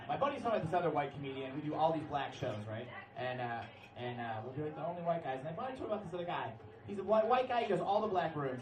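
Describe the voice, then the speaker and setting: A man's voice: fairly high pitch, far from the mic. Brash young man doing stand-up in a club. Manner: brash, bursts into shouted announcer-style bits. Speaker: stand-up comedian. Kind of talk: stand-up set. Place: comedy club stage. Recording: roomy club sound from off-mic, loud crowd laughter.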